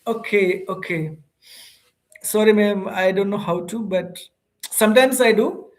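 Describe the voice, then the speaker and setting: A man with an Indian accent hosting a casual livestream, reading viewer comments aloud and talking to viewers informally in halting speech full of fillers and restarts. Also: high voice. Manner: hesitant, many fillers and restarts; informal, calls viewers bro and ma'am. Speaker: host of an English practice livestream.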